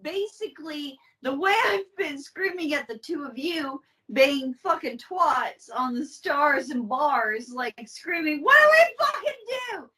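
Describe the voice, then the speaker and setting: Very high-voiced woman, slow and giddy. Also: sharp tone, recorded from a distance, rough recording. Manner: profane, giddy, dissolving into laughter. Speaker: podcast co-host presenting the topic. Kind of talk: casual podcast chat.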